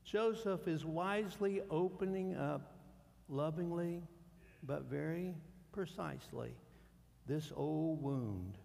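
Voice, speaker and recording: A male pastor preaching a sermon, animated, swinging between hushed and loud. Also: a little high, vocal fry. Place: church sanctuary. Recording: long church hall reverb.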